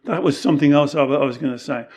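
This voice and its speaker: A middle-aged man explains his ideas in a casual, earnest talk, and his voice sits a little high for a man. He often slips into the voices of the people he quotes. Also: quick pace, darkish tone. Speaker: Taoist teacher and podcast host. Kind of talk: casual teaching conversation.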